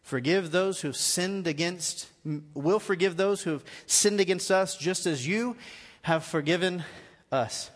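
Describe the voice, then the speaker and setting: A man's voice: high-pitched, a little slow. Male pastor preaching in a reverberant hall. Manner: earnest, shifts between quiet reading and raised exhortation. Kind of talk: live sermon. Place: large church hall.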